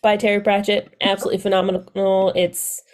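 A woman's voice: mid-range voice, completely flat delivery, brisk, a little mellow. A woman co-hosting a podcast, chatting casually and gushing enthusiastically about books she loved, often laughing. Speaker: podcast co-host.

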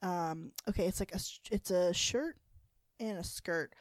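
A woman's voice: fairly low pitch, measured pace, no echo, studio quality. A woman from the American South co-hosting a podcast, chatting casually and reacting with lots of laughter. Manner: expressive reactions, frequent laughter. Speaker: podcast co-host. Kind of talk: casual chat.

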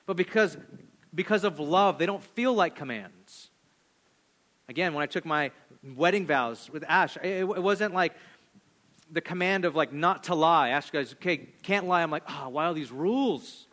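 High-voiced animated male preacher. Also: a little slow. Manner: animated, swinging from loud to hushed. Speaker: pastor. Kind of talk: sermon.

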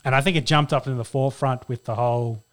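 Brief: Australian male co-host, mid pitch, rambling, filler-heavy casual talk. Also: steady tone, fast. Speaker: podcast co-host. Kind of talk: casual chat.

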